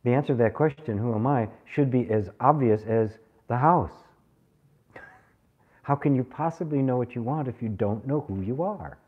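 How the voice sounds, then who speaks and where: A man teaching a spiritual group, animated and laughing often as he acts out people's questions. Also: mid-range voice, moderate pace, slightly rough, phone-quality sound. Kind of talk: satsang talk to a live group.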